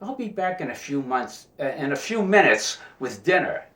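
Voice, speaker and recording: A man voicing a smooth-talking young sailor in a joke, in a fairly roomy recording. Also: a little high, very animated, moderate pace, fairly bright tone. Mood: eager. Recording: roomy echo.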